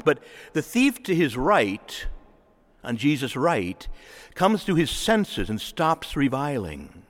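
A male pastor preaching a sermon in a church, voicing quotes as he goes. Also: a little high. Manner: animated preaching with acted quotes. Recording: long hall reverb.

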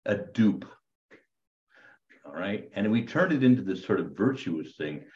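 A man, a priest, teaching a Bible class over a video call in an animated, preachy way with quick asides. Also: fairly low pitch, echoey room, muffled recording. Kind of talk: online class lecture.

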